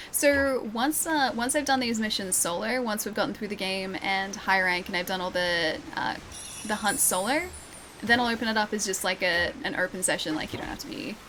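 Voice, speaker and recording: A woman with an Australian accent streams a game, chatting casually over game music as she coaxes and teases the monsters. Her medium-pitched voice is bright and forceful, but the audio is poor, with slight background noise.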